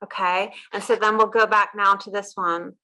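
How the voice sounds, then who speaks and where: A woman's voice: mid-range voice, fairly even intonation, moderate pace, pushed and bright. A woman hosting a casual interview chat, upbeat, repeating words back and laughing at her own slips. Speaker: host.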